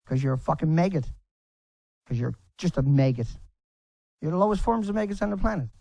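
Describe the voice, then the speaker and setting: A man delivering a furious, profanity-laden rant to camera, breaking into shouts. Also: on the high side, animated, a little fast, vocal fry, no echo, poor audio. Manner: furious, swearing, shouting in bursts.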